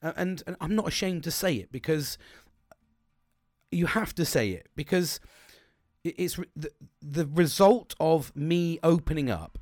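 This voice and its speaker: A man's voice: a little high, darkish tone, no echo, clean studio sound. A middle-aged man hosting a candid solo podcast, talking frankly with lots of swearing and restarts. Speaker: podcast host.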